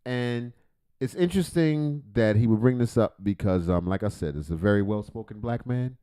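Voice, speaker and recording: A man's voice: on the low side, moderate pace, dark tone, clean tone. A man hosting a comedic livestream reaction, rambling, swearing and joking. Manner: rambling, profane, joking, self-interrupting. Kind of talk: casual comedic reaction commentary.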